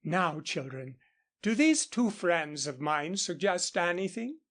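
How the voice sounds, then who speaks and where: A man reading the lines of a kind, cultured English woman schoolteacher in an audiobook, gentle and earnest, with an English accent. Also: high-pitched, very animated, takes it slowly, full character voice.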